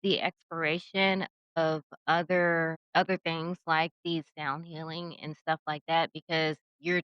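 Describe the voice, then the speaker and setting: Encouraging woman host, smooth but dull sound. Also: deep voice, dry recording. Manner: encouraging, uses many filler likes. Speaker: podcast host. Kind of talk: casual conversation.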